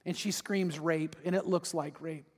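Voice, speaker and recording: A high-voiced man preaching to his congregation, his words ringing out in a reverberant hall. He tells the story with animated, lively delivery, often slipping into the voices of the people he quotes. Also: measured pace. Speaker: pastor. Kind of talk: sermon.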